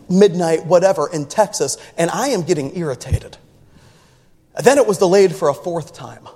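A man preaching, telling a story with laughter and swings from low grumbling to loud shouts. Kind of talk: sermon story. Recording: reverberant hall.

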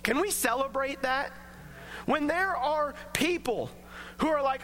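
A male preacher with a very high, bright voice. He talks in a loose, conversational manner and keeps slipping into quick acted-out voices for the people in his stories. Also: slight background noise. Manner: casual, conversational preaching that acts out quoted speech. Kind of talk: sermon.

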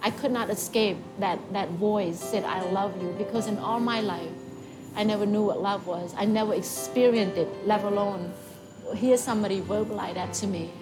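Woman giving a halting testimony over music. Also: mid-range voice, steady tone. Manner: halting, emotional storytelling with repeats. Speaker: testimony speaker. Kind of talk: personal faith testimony. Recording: music playing behind.

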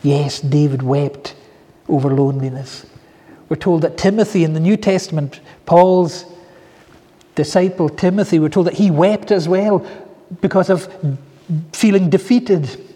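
A man preaching a sermon, telling stories in an earnest, heartfelt way with soft asides. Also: on the high side, fairly even intonation, measured pace, long reverb tail. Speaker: pastor.

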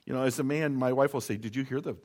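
A man's voice: mid-range voice, steady tone, quick pace, darkish tone. Conversational man preaching a sermon. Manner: conversational, reads scripture then explains with personal stories. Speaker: pastor.

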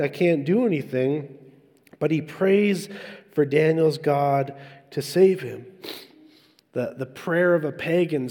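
Guy preaching, kinda high voice, chatty, asks the crowd stuff, big echoey hall. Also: a little mellow. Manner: conversational, asks the congregation questions. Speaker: pastor. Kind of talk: sermon.

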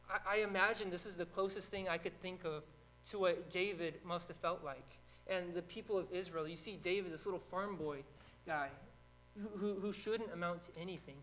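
High-voiced man teaching a Bible study. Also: poor audio. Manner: casual and energetic, acts out shouted quotes.

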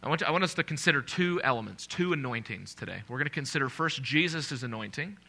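Bright-voiced male preacher. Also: medium pitch, animated, fast, gravelly. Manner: conversational, asks the congregation questions. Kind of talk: sermon.

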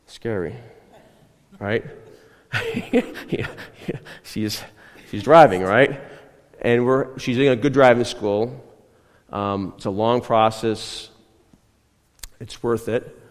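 In a large church hall, a pastor with a medium-pitched voice takes his time delivering a conversational sermon. He shares a personal story, repeats himself, and frequently checks in with the congregation.

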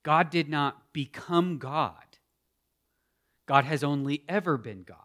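A man preaching a sermon as a pastor, animated and emphatic, asking the congregation questions and calling for responses. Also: on the high side, takes it slowly. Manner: animated, rising to emphatic peaks.

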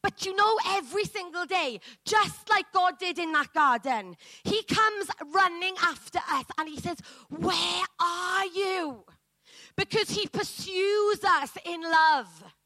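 Bright-voiced woman preaching slowly. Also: extremely high pitch, expressive, dry recording, poor audio. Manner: earnest, rises to fervent emphasis. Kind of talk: sermon with scripture reading. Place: church.

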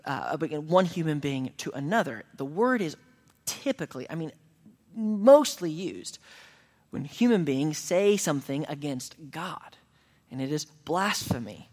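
A man's voice: fairly high pitch, sing-song, a little slow, darkish tone. A man preaching a sermon as pastor, earnest, raising his voice for emphatic quoted lines. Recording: long reverb of a hall.

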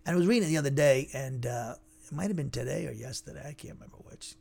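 A man leads a casual Bible lesson in a conversational, digressive way. His voice sits at an ordinary pitch with a noticeable gravelly fry. He thinks aloud as he teaches. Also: quick pace, a little mellow, slight background noise.

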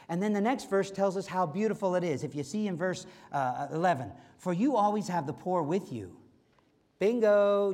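A man preaching a sermon as pastor, animated and acting out quoted voices. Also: high voice. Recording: long hall reverb.

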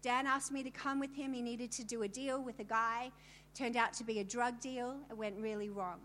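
A middle-aged woman with a high voice shares her testimony with a gathering of women. She tells it in vivid detail and turns to the listeners with emphatic asides. A faint hiss sits under her voice. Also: fairly bright tone. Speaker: speaker telling her story to a women's gathering. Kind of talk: personal testimony talk.

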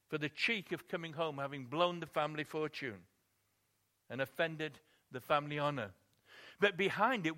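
A man's voice: a little high, sharp tone. A man preaching a sermon, telling a story expressively and building emphasis on key points.

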